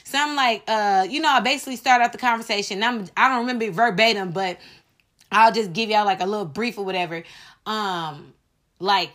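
A woman hosting a podcast, telling a personal story in an animated, dramatic way and speaking straight to her listeners. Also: medium pitch, normal speed. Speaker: podcast host.

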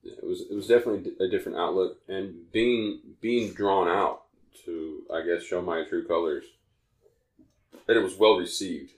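At a moderate pace and in a roomy-sounding space, a low-voiced man co-hosting a podcast tells a long personal story during casual chat. He rambles and keeps restarting his sentences to correct himself.

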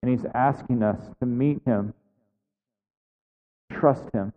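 A man pastor with a mid-range voice preaches slowly in a church sanctuary. Conversational and earnest, he challenges listeners with repeated questions, heard through phone-like audio in an echoing hall.

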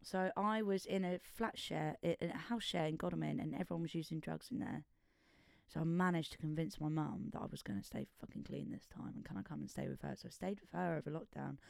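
A woman's voice: deep voice, a little fast, gravelly, darkish tone, dry recording, clean studio sound. A woman guest in a casual podcast conversation, speaking candidly and bluntly and swearing freely. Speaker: guest, musician and visual artist.

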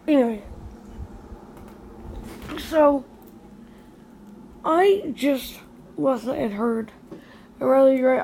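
Angry gravelly older woman ranting. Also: a little high, a little hiss or hum. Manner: angry, scolding, emotional. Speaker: grandmother vlogger. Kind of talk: angry direct-to-camera rant. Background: quiet house at night.

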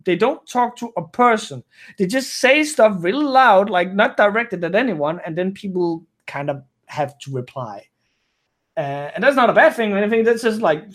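Non-native English-speaking man, high voice, rambling podcast storyteller who keeps restarting. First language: not English. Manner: rambling, frequent restarts and self-corrections. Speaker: guest storyteller. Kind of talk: casual podcast chat.

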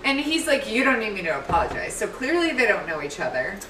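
A woman co-hosting a casual film review podcast, agreeable and quick to chime in. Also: medium pitch, very animated, roomy sound, distant mic, a crowd in the background, rough recording. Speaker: podcast co-host.

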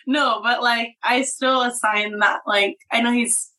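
A woman's voice: fairly high pitch, steady tone, measured pace, sharp tone, rough recording. A young woman co-hosting a podcast, chatting casually about a reality show, giggly and saying "like" often. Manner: chatty, giggly, uses "like" a lot. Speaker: podcast co-host.

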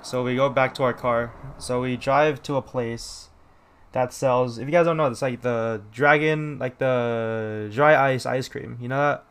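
A young man chatting casually on a podcast and telling a story in a loose, rambling way. His pitch sits in the middle, and he keeps acting out what other people said. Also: fairly even intonation, a little slow, fairly bright tone, smooth. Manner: rambling, lots of "like", quoting others. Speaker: podcast co-host.

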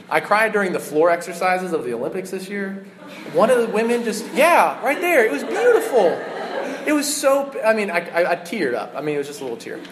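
A man's voice: a little high, a bit bright, slight background noise, low-quality recording. A man in his thirties preaching a sermon in an earnest, conversational way, with frequent fillers. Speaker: pastor.

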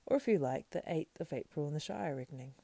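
A woman voicing an old, wise male wizard who speaks calmly and kindly, in a storybook reading. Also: sits low, vocal fry, dry recording, exaggerated voice. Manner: calm, kindly, measured.

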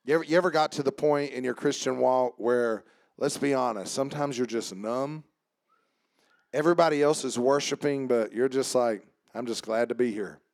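A male pastor preaching a sermon in church. He starts low and conversational, then builds to shouted preaching and calls out to church members by name. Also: moderate pace, dry recording.

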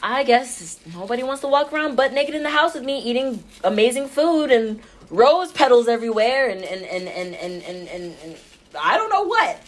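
Chatty over-caffeinated young mom. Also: female voice, a little high, animated, moderate pace. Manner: chatty, jittery, laughs often. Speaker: podcast host and mom. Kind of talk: rambling casual monologue.

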